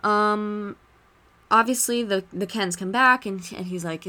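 A woman hosting a casual podcast at a middle pitch, talking in a loose, chatty way. She retells scenes and drops quick asides of her own. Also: pushed and bright. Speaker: podcast host.

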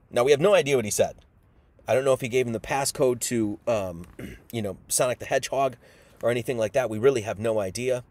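A man's voice: mid-range voice, a little mellow, dry recording. A man giving an informal Bible sermon, casual and emphatic, acting out the people he quotes. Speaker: preacher.

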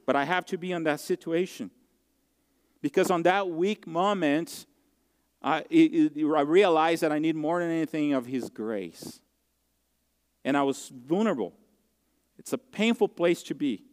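A male pastor delivers a sermon in a slightly raised, smooth and resonant voice. He speaks earnestly, often circling back and restarting his sentences. His words ring out with a long reverb in a large hall. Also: fairly high pitch. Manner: earnest, heartfelt storytelling with halting restarts.

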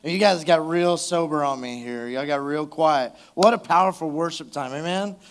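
A male pastor with a high voice preaches a live sermon in church. He keeps it conversational and loose, checking in with the congregation and drawing responses from them. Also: normal speed, slight background noise. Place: church service.

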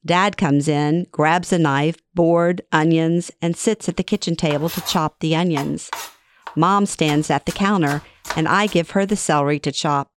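A woman's voice: sits low, fairly even intonation, unhurried, slight background noise. A middle-aged woman reading her own memoir aloud in a wry, conversational way. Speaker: memoir narrator. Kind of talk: first-person storytelling reading.

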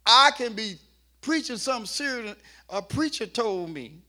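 Joking preacher guy, bright tense voice, gets the crowd going, shouts at the big moments. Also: very high-pitched, expressive, normal speed. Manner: humorous, playful, coaxing the congregation; builds to shouting at peaks. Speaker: pastor. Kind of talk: sermon.

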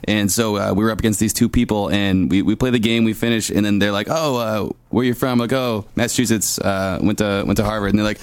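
Radio show guy chiming in quick with a pub story, fast talker, dry mic. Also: fairly low pitch, steady tone, clean tone, no echo. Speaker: co-host. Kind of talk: casual studio radio chat. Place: radio studio.

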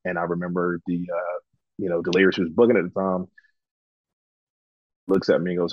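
A man from Georgia, a pro wrestler, telling his story in a relaxed interview, full of ums and acted-out quotes. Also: deep voice, fast talker, pauses often, no room sound, highs cut off. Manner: relaxed, chatty, frequent ums, acts out quoted dialogue. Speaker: guest, professional wrestler.

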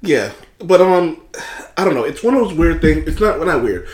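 A man telling a story in casual, animated chat, swearing freely and acting out what others said. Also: a little high, moderate pace, echoey room. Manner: animated, swearing, acts out quotes in other voices.

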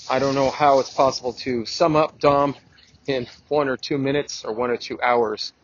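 A man's voice: medium pitch, steady tone, normal speed, slight background noise. A man speaking reflectively while walking outdoors in a city park, sharing a casual tribute. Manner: reflective and easygoing. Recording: dull lo-fi outdoor recording.

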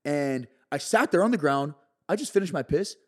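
A man telling a wild story as a podcast guest, his voice sitting a little higher than most men's. He talks in an animated, excitable rush, swearing constantly and tossing in "bro" and "like" all the way through. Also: normal speed. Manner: excitable, profane, peppered with "bro" and "like".

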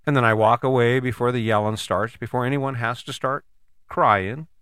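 A man's voice: medium pitch, steady tone, normal speed, fairly bright tone, clear, resonant tone, dry recording, clean studio sound. A middle-aged man talking in a blunt, folksy, casual monologue, telling stories with mild cursing.

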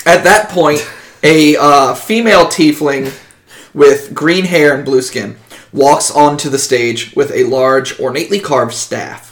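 A man's voice: on the high side, a little slow, fairly bright tone, roomy sound. A man narrating as game master in a casual tabletop session, rambling with many ums.

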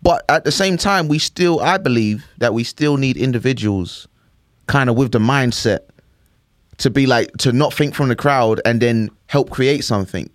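A man's voice: mid-range voice, moderate pace, no room sound. A young man hosts a casual podcast with a mid-range voice, rambling through his points and checking in with his listeners. The sound is close and dry. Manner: chatty, rambling, repeats 'do you know what I mean'. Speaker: podcast host.

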